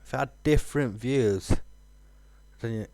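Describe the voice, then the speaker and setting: A man's voice: mid-range voice, measured pace, mellow, no echo. A man, musing aloud with fillers while streaming a game. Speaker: gaming streamer. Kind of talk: casual let's-play commentary.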